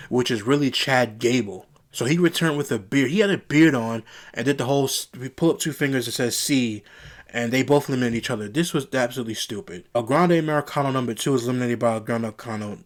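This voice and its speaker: Young male reviewer, solo rant, exasperated and rambling. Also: mid-range voice. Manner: exasperated, rambling, repeats himself. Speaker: wrestling show reviewer.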